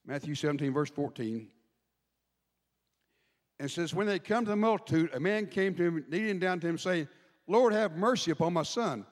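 A man preaching a sermon, chatty, asking the congregation questions as he goes. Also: high voice. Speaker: pastor. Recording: long hall reverb.

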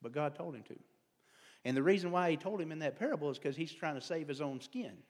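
A man's voice: fairly high pitch, expressive, quick pace, darkish tone. A man preaching a folksy, conversational sermon as a lay speaker, drifting into digressions and self-deprecating humor. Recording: long hall reverb.

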